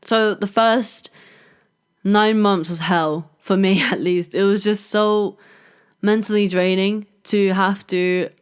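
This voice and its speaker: Brief: young woman hosting a podcast, candid storyteller who swears freely and says "like" a lot, smooth clear voice. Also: medium pitch, fairly even intonation, takes it slowly. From London, England. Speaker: podcast host. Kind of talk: casual personal storytelling.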